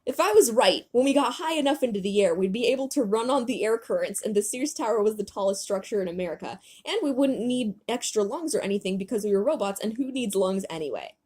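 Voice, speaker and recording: Animated young woman with a husky voice. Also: mid-range voice, quick pace, hardly any pauses. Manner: animated reading, breaking into laughter. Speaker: host reading her old writing. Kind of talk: comedic reading of her childhood novel.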